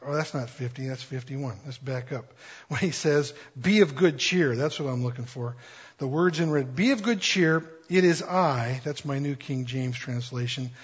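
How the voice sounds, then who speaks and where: A man's voice: medium pitch, moderate pace, breathy edge, lo-fi sound. A man preaching a sermon in a conversational, playful way, acting out quotes with jokes. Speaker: pastor.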